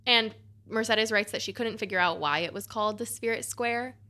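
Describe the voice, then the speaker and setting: A woman's voice: on the high side, moderate pace, bright, forceful tone. A woman co-hosting a podcast, chatting casually and reading a script aloud with breezy, slangy asides. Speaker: podcast co-host.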